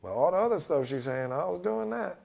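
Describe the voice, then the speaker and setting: A middle-aged man with a gravelly voice tells stories from his life as a podcast guest. He is a basketball coach who talks in a lively, candid way and acts out the lines of the people in his stories. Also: on the high side, brisk. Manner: animated storyteller acting out other people's lines. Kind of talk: candid storytelling in a podcast interview.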